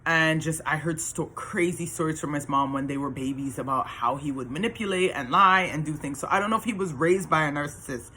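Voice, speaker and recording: A woman's voice: low-pitched, fairly quick, few pauses, pushed and bright, slight background noise. A woman telling her own story in a casual, earnest monologue that rambles, with many restarts and fillers.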